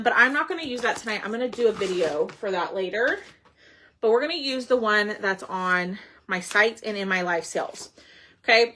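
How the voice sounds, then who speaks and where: A woman's voice: on the high side, pushed and bright, slight background noise, rough recording. Chatty woman crafting live. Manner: chatty, greets viewers by name. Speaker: craft live-stream host. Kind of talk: casual live-stream crafting chat.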